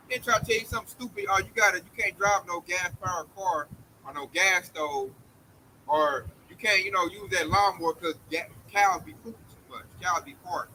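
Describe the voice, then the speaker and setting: A man's voice: sits high, sharp tone, a little hiss or hum, poor audio. A man preaching an informal street-style sermon in a blunt, slangy, mocking way, often acting out other people's voices.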